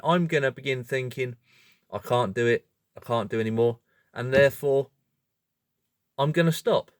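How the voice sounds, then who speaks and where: A man hosting a video, explaining in a casual monologue, animated and self-correcting, often breaking into laughter. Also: on the high side, no room sound, clean studio sound. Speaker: video host.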